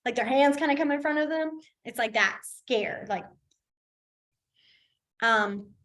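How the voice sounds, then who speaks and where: A woman teaching a beginners' class in a casual, chatty way, laughing easily and trailing off into quiet pauses while she demonstrates. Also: fairly high pitch. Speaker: sign language teacher. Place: library classroom.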